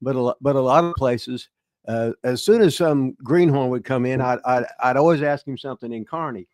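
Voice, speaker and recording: A man's voice: mid-range voice, a little fast, darkish tone, dry recording. An older man, a veteran wrestler hosting a live question show, telling old stories in a rambling, casual way full of restarts and fillers. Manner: rambling, frequent uh and restarts, laughs at his own stories. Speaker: host, veteran wrestler and former booker.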